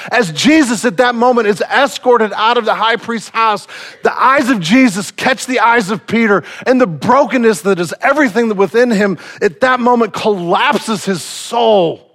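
A man preaching a sermon, retelling a story in casual slang and swinging from loud to hushed. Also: high voice.

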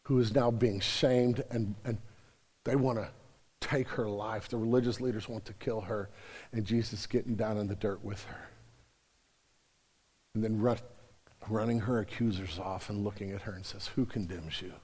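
A male pastor preaching a sermon in casual slang, swinging between loud urgency and hushed intimacy, with repeated words and restarts. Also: fairly low pitch, steady tone, normal speed, pauses often, husky. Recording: long reverb of a large hall.

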